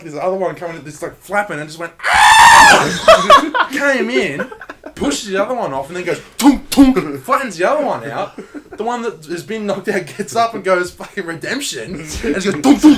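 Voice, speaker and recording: A young man, co-hosting a casual podcast chat and acting out a story with loud sound effects. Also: high-pitched, brisk, crowd noise. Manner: animated storyteller, acts out bird voices and sound effects. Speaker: podcast co-host.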